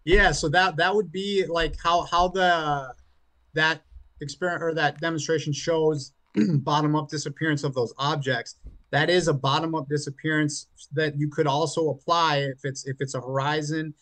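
A man arguing his side in an online debate, halting and often restarting his words. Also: on the high side, fairly even intonation, a bit bright, no echo. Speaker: flat earth debater.

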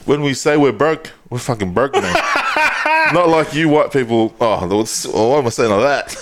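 A man's voice: medium pitch, very animated, normal speed, very noisy. A man co-hosting a podcast, telling stories in a laid-back way, swearing freely and laughing often. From Pacific Islander heritage. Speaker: podcast co-host. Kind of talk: casual podcast chat.

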